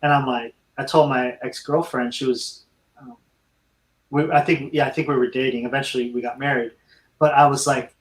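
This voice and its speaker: A man's voice: mid-range voice, steady tone, moderate pace, echoey room, rough recording. A middle-aged man, a veteran and dog trainer, telling his life story in an interview and speaking earnestly to listeners. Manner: earnest, addresses listeners as friends.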